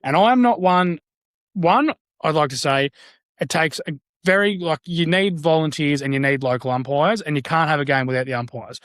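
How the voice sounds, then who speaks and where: A man's voice: a little high, moderate pace, fairly bright tone, dry recording, clean studio sound. An Australian man on a podcast, blunt and laughing as he talks, swearing freely. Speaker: podcast co-host. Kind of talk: casual chat.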